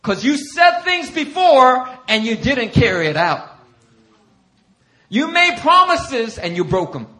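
A man's voice: extremely high pitch, big pitch swings, slow pace, sharp tone. A male pastor preaching a sermon, acting out scripture quotes and laughing often as he talks.

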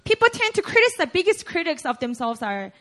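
A young woman preaches a sermon in a bright, high voice that leaps up and down with animation. She jokes with her listeners, laughs easily and keeps asking the congregation questions. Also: very animated, fast. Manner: playful, laughing asides to the congregation; asks the audience questions. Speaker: pastor.

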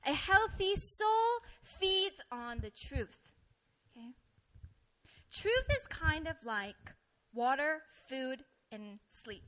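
A young adult woman giving a sermon, telling stories and acting out her own complaints in an animated way. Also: high-pitched, poor audio. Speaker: preacher.

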